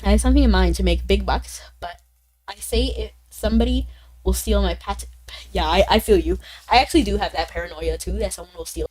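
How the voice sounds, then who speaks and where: A woman streaming a game, chatting casually with viewers in a bubbly way, with sudden high exclamations. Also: fairly quick, darkish tone, low-quality recording. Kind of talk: casual gaming stream chat.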